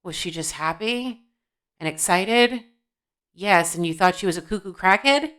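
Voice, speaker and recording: This intuitive reader speaks in a fairly bright, low-leaning voice with lively intonation, taking her time. Indoors at home, she gives a tarot-style spiritual reading to the camera, blunt and scolding as she questions her guides and supplies their answers.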